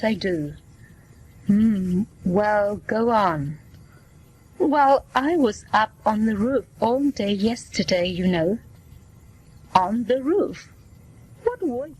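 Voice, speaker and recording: A woman's voice: medium pitch, darkish tone, husky, low-quality recording. A woman reading scripted everyday dialogues for English learners, taking every part in turn. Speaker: English listening lesson reader.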